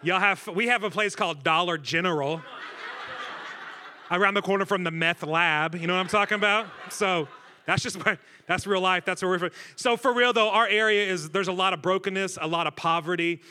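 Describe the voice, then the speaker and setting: Guest preacher, man, bright forceful tone, slightly high voice, jokes with the room. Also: fairly quick. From Centralia, Illinois. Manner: energetic, joking, talks with the crowd. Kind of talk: sermon. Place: church stage before a congregation.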